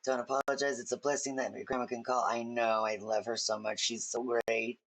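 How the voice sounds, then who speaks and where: A woman's voice: a bass voice, little pitch movement, a little fast. A woman hosting a casual livestream from home, chatting in a rambling, friendly way to viewers while she colors. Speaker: livestream host.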